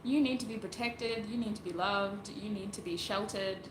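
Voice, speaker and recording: A woman's voice: medium pitch, moderate pace. A woman hosting a casual livestream, rambling as she answers viewer comments and laughing often. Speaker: tarot reader, channel host. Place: at home doing makeup. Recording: roomy echo, faint background noise.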